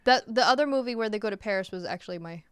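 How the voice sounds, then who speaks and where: A woman co-hosting a laid-back podcast, her voice smooth and clear at a middle pitch. She chats loosely, circles back with fillers and restarts, and breaks into laughs often. The sound is close and dry. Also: very fast, dry recording. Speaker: podcast co-host. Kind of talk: casual podcast chat.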